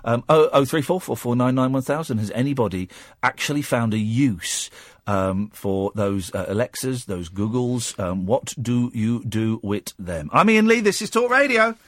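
A man hosting a late-night radio phone-in, bantering quick-wittedly and teasing his callers. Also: fairly low pitch. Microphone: studio microphone.

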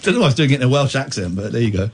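A man's voice: mid-range voice, animated, very fast, a little hiss or hum. A man with an English accent hosting late-night radio, joking and teasing his callers in a studio. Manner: playful, teasing, jokey. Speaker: radio host.

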